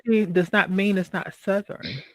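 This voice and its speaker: Man with a slightly higher pitch; gossipy, teasing, dry sound. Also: moderate pace, fairly bright tone, no room sound. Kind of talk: casual chat.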